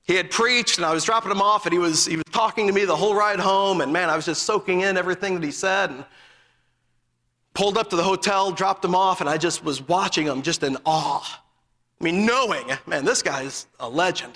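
A male preacher delivering a fervent sermon, telling stories and breaking into emphatic shouts. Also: high voice, a little fast, big-room sound.

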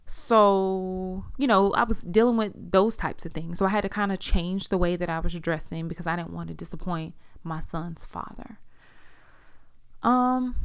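A woman's voice: creaky, clear, resonant tone. A woman in her forties, originally from Las Vegas, telling a personal story in a candid, blunt way, swearing freely and acting out what people said. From Las Vegas, USA. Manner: acts out quoted speech with big jumps in pitch.

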